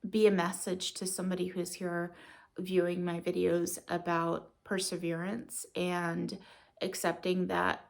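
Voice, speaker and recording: Woman, thirties, low gravelly morning voice, rambling home vlog chat. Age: 30s. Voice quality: gravelly, just out of bed. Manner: rambling and reflective, with many fillers. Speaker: vlogger.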